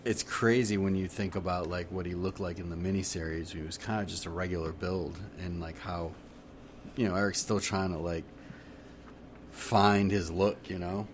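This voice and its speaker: A man's voice: low voice, steady tone, normal speed, background noise. A man co-hosting a podcast, chatting casually about comics in a hesitant, easygoing way with frequent restarts. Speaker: podcast co-host. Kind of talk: casual comic-book chat.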